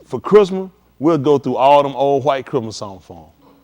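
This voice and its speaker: A man preaching a live-streamed sermon in loose, slangy street talk, animated and emphatic. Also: medium pitch, moderate pace.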